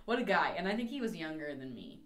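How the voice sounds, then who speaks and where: A woman's voice: lowish voice, sing-song, fast talker, reverberant, crowd noise. A young adult woman co-hosting a podcast, telling a story in casual chat with laughs and mimicked quotes. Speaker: podcast co-host.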